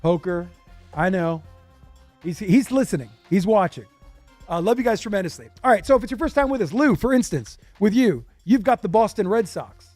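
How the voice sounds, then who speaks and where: A man's voice: high-pitched, lively intonation, normal speed, a little mellow, no echo, faint music behind. A man hosting a live card-break stream from a small studio, chatty and upbeat, reading buyers' names off a list with lots of fillers. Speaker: card break show host.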